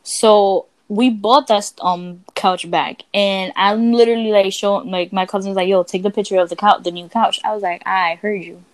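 A woman's voice: medium pitch, moderate pace, hardly any pauses, dry recording, rough recording. A young woman co-hosting a podcast, telling ghost stories in a brash, profane, casual way and acting out what people said. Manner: brash and profane, animated quoting voices. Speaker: podcast co-host. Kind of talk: casual storytelling chat.

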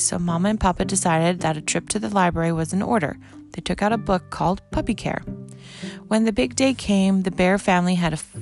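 A woman reads a children's storybook aloud in a gentle, even manner. Her voice has a gravelly texture and sits at a middle pitch. Faint music plays in the background. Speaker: narrator.

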